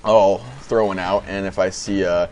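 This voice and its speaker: A man's voice: low voice, little pitch movement, normal speed, a little mellow, a little hiss or hum. A young man giving off-the-cuff gameplay commentary, hesitant, with many fillers and restarts.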